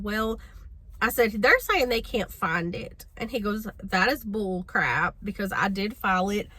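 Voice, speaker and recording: Woman vlogger, casual storytelling, bright clear voice, exasperated. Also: mid-range voice. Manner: chatty, exasperated, addresses viewers as y'all.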